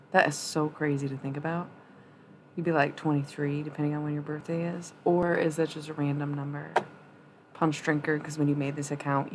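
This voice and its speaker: A woman's voice: low-pitched, a little hiss or hum. A woman chatting casually on a live stream, blunt and profane with a tough-love edge, laughing often. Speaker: livestreamer.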